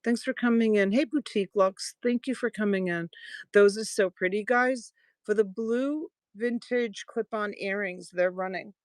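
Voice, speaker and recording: A woman with a mid-range voice runs a casual live jewelry sale on a stream, chatting affectionately at a moderate pace with viewers one at a time. She thanks them by name and calls them sweetheart and honey. The sound is dry, without room echo.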